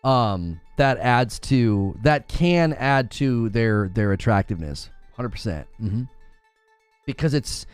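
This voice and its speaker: A man's voice: mid-range voice, lively intonation, takes it slowly, clear, resonant tone, dry recording. An American man hosts a co-stream in a loose, casual chat. He rambles and fills his sentences with small verbal fillers. Faint music plays behind him. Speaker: co-stream host.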